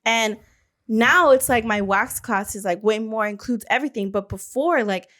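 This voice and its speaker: A woman's voice: on the high side, moderate pace, a bit bright. A young woman co-hosting a casual chat, talking loosely with many fillers and restarts. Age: young adult. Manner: chatty, lots of "like" and restarts. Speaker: podcast co-host.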